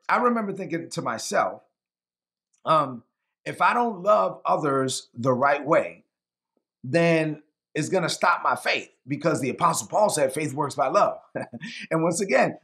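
Male preacher, high gravelly voice, lively emphatic sermon delivery. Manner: emphatic, repeats phrases, acts out quotes.

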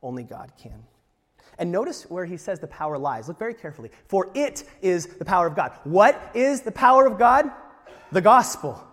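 Pastor guy preaching, pretty high voice, goes loud then quiet, jokey, big church echo. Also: brisk. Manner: animated, swings between loud emphasis and quiet asides, jokey. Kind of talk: sermon. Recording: long reverb of a large hall.

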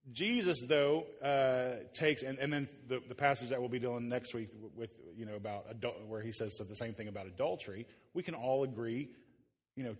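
A male pastor gives a relaxed, joking sermon to a congregation gathered in a church. He talks at an everyday middle pitch and often stops to restart his sentences, like someone chatting with the room. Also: long reverb tail. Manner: casual, joking, with frequent restarts. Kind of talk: conversational sermon. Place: church before a live congregation.

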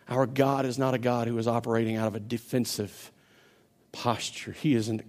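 A man preaching a sermon as pastor, building to loud, impassioned stretches and often repeating words as he restarts. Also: medium pitch. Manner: impassioned preaching that builds to near-shouting climaxes.

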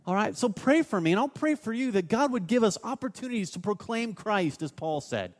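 Male pastor, fairly high voice, preaches with stories, swings from loud to hushed, church reverb. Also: animated, fairly quick. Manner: storytelling, shifts between loud urging and hushed asides. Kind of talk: sermon.

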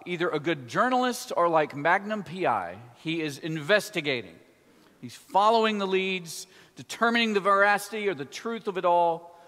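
A man's voice: fairly high pitch, a bit bright. A man giving a sermon as preacher, in a conversational way with folksy asides. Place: church. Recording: long church reverb.

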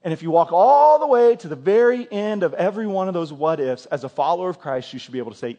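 A man's voice: high-pitched, expressive, fast, few pauses, mellow. A middle-aged man preaching a sermon in a church, conversational, often repeating words and asking the congregation questions. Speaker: pastor.

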